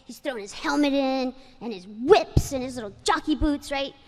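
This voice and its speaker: A woman's voice: high voice, normal speed, darkish tone. A woman giving a personal ceremony speech, telling stories in a chatty way with many fillers. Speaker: inductee speaker, former jockey. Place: ceremony hall. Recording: long hall reverb.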